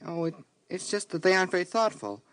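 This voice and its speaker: A man's voice: sits high, sing-song, fast, a bit bright. An actor playing a proud, determined crippled young man in a radio drama, talking earnestly and stubbornly. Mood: bitter.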